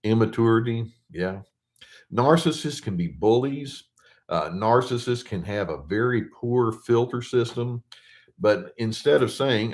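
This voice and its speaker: A man's voice: medium pitch, animated, a little mellow. An older man, a therapist, answering viewer questions in casual explanatory talk, with plenty of fillers and restarts. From United States. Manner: conversational, with frequent fillers and restarts; reads questions aloud slowly and deliberately.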